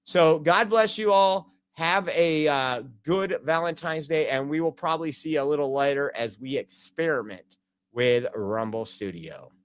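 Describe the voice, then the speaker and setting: A man's voice: fairly high pitch, unhurried, smooth. A man hosting a casual live stream from home, talking loosely with many fillers. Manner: rambling, many fillers, reads out jokes. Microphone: home streaming computer.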